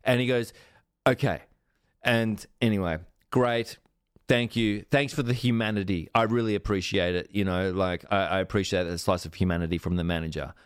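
A man's voice: deep voice, moderate pace, smooth, dry recording. Sweary storytelling man, dry sound. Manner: animated, sweary, self-mocking. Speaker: podcast host. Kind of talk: casual storytelling.

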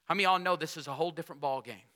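A man's voice: fairly high pitch, racing, pushed and bright. A man preaching a sermon, reading scripture aloud and asking the congregation rhetorical questions. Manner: reads scripture aloud with dramatic emphasis.

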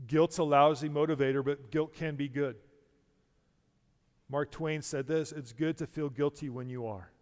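Male pastor, emphatic sermon, rhetorical questions, slightly high voice, echoing church hall.

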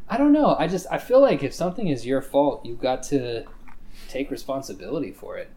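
A man's voice: medium pitch, fairly quick. A man co-hosting a casual podcast, rambling and swearing freely in loose banter while minding his toddler. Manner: rambling, profane, lively banter. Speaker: podcast co-host.

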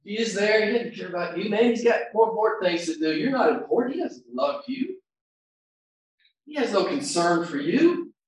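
A preacher voicing a mocking, taunting Satan. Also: male voice, sits high, expressive, normal speed, pitched above the performer's own voice. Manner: mocking, accusing. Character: taunting male Satan whispering doubts. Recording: very echoey hall, distant mic.

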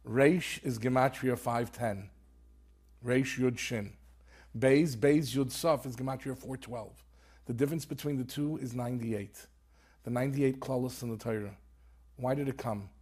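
A man's voice: mid-range voice, unhurried, a little mellow, husky. A man, an author and rabbi, telling a story earnestly in conversation and peppering it with Hebrew terms. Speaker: author guest.

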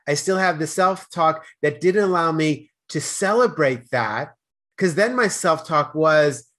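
A man with a Boston accent talking fast as a podcast guest, with stammered restarts and slurred words. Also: on the high side, expressive, a bit bright. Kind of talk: casual conversation.

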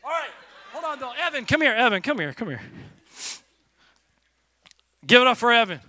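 A man preaching a casual, energetic sermon from a church stage, talking loosely with lots of "like" fillers and jokes. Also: extremely high pitch, normal speed, a little hiss or hum. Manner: loose and conversational, full of "like" fillers, jokey. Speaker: pastor.

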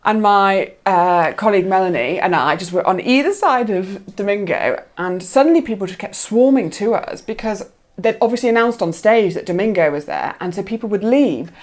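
A young woman with a mid-range voice speaks casually. She tells a story with animation and lively expression, laughing easily as she goes and sometimes slipping into quoted voices. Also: medium pitch, normal speed. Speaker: guest.

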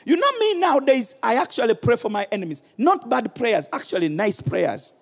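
Give me a middle-aged male pastor with a very high voice, preaching with big swings from shouting to hushed. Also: big pitch swings, moderate pace, long reverb tail. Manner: impassioned preaching, swinging from shouts to quiet low asides. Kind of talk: sermon.

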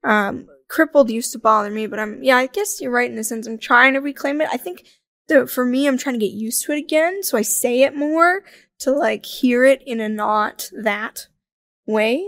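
A young adult woman speaking as a podcast guest, telling stories in a candid, jokey, animated way. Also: a little high, normal speed, dry recording, studio quality. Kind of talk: casual interview chat.

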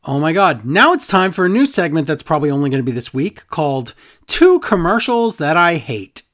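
A podcast host recapping a wrestling show in casual chat, sarcastic and animated, acting out quotes in other voices. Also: mid-range voice, fairly quick.

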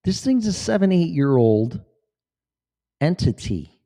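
Man in his fifties, mellow voice, swings up and down a lot, swears freely, rambling vlog monologue. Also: a little high, sing-song, slow pace. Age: 50s. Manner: profane, emphatic, digressive. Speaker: vlogger.

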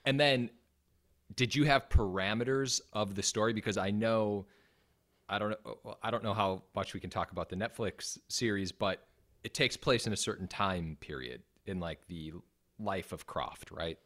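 Man, Wisconsin accent, podcast host, joking questions, lowish voice. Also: normal speed, a bit bright. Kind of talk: casual podcast interview.

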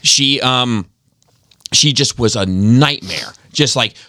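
A middle-aged man hosting a casual chat, telling a profane, animated story about his kids. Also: mid-range voice, slow, no echo, studio quality. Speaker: podcast host.

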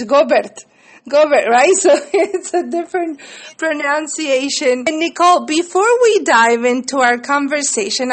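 A woman hosting a radio interview show, introducing her guest with effusive enthusiasm. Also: high voice.

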